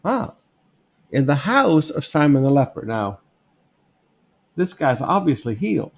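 A pastor with a slightly high, sing-song voice works through a Bible passage verse by verse at an unhurried pace. His sermon style is conversational and emphatic, and he often pauses to point things out, asking "notice" and "okay?" while sketching on a board.

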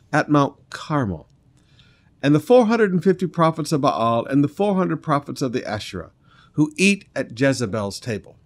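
A man preaching a sermon, reading scripture aloud and adding commentary, swinging between loud emphatic lines and quiet earnest asides. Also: medium pitch.

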